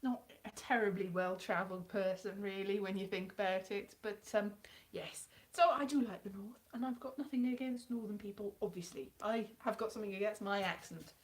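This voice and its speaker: A woman's voice: medium pitch, brisk. A woman from South Wales, chatting casually and self-deprecatingly on a live stream.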